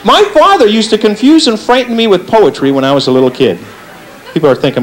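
A man doing a stand-up comedy routine on stage, talking to the audience with an animated delivery and acting out little voices. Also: quick pace, poor audio. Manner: lively, animated delivery with big pitch swings and acted-out voices. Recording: live stage set with audience laughter. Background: faint audience laughter.

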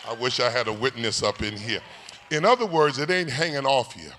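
A man preaching a live sermon as pastor, in an animated, folksy storytelling way, calling out to people in the congregation. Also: medium pitch, brisk, slight background noise. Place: large church sanctuary. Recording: echoey hall reverb.

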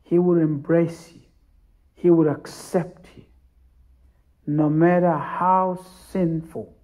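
A man's voice: a little high, steady tone, slow, mellow. A man preaching a sermon as pastor, telling the story emphatically with repeated phrases.

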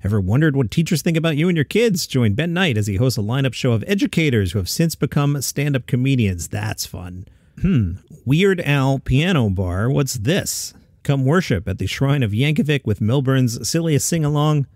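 A man hosting a daily comedy news podcast, reading listings and adding quick casual asides. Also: medium pitch, lively intonation, a little mellow, dry recording, clean studio sound. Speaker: podcast host.

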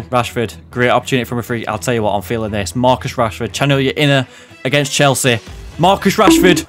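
A young man commentating on a football video game he is playing, jumping between loud outbursts and low muttered asides. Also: animated, fast talker, faint music behind. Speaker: gaming commentator.

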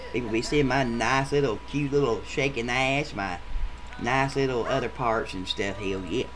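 A man's voice: medium pitch, noisy background, lightly acted. A man voicing a crude, rowdy adult male gameshow contestant who rambles through a profane story in a comedic machinima.

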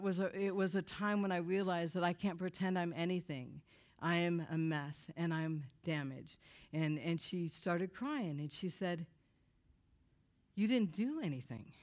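A woman giving a personal testimony to a church audience, candid and emotional with wry humor. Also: on the low side.

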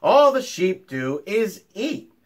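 A man voicing a bored young shepherd boy in a storybook reading, whining slowly and yelling in alarm. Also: high voice, very animated, pitched above the performer's own voice, full character voice. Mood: bored whine. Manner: drawn-out whining, shouted alarms.

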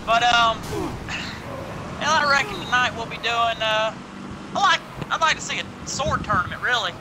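A man's voice: very high-pitched, moderate pace, background noise. A man voicing a boastful, touchy Southern redneck guest manager with a Southern US accent and a folksy drawl. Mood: easygoing. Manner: folksy drawl with "reckon" and "heck".

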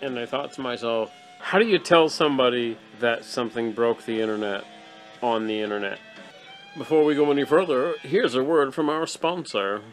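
A young man hosting an absurdist comedy show, swinging from manic yelled bursts to mumbled asides. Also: mid-range voice, moderate pace, faint music behind. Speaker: host.

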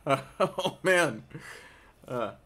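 A man streaming a game live, giving quick excitable callouts to his teammates with yelps and laughs, into a headset mic. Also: on the high side, noisy background. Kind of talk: live gameplay commentary. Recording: loud game music behind.

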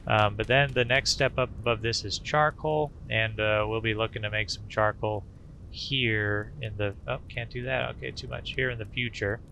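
A man's voice: on the low side, level tone, moderate pace, creaky, pushed and bright, a little hiss or hum. A man casually commenting on his gameplay, rambling in a folksy way with fillers and little sound effects. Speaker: gaming channel host. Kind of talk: casual let's-play commentary.

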